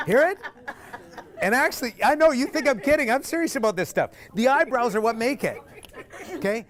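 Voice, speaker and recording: A man's voice: extremely high pitch, lively intonation, a little fast, crowd noise. A man teaching a group singing workshop, joking and singing lines to demonstrate. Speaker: singing instructor.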